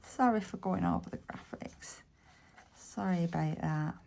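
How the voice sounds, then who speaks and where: A woman's voice: lowish voice, unhurried, creaky, darkish tone. A woman with a Bolton accent from Lancashire, chatting casually through a crafting tutorial and muttering half-whispered asides to herself as she works. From Bolton, England. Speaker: craft vlogger.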